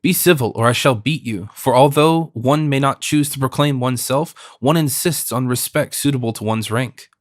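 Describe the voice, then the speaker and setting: A man's voice: medium pitch, normal speed, hardly any pauses, no echo, studio quality, lightly acted. A haughty noble ambush leader, read by a man. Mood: lofty. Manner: lofty, commanding. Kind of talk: audiobook character reading.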